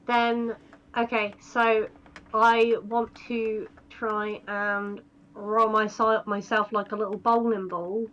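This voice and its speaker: A woman's voice: mid-range voice, flat delivery, slow, fairly bright tone, lo-fi sound. A woman playing a tabletop game, rambling through her moves with fillers and giggles. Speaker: player. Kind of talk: casual tabletop play.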